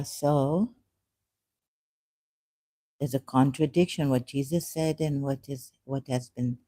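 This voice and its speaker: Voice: medium pitch, warm tone. A native Urdu speaker talking through religious questions in a casual, hesitant monologue full of fillers and restarts. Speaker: ex-Muslim vlogger.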